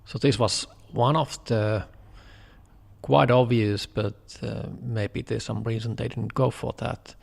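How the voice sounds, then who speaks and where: A man musing in a casual chat about social audio apps, measured and thoughtful with frequent fillers. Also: mid-range voice, steady tone, creaky, husky, in a large hall.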